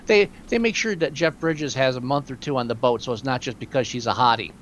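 A man co-hosting a podcast in casual movie chat, wry and opinionated, quick to joke. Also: medium pitch, fairly bright tone, dull audio. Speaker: podcast co-host.

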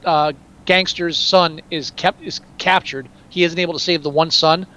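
A man co-hosting a casual film discussion, animated and profane, often trailing off and restarting mid-sentence. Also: a little high, normal speed.

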